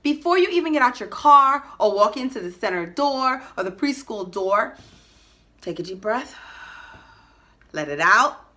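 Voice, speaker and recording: A woman's voice: on the high side, lively intonation, a little slow, pauses often, pushed and bright. A woman giving a motivational talk to parents, emphatic and direct, repeating her key points.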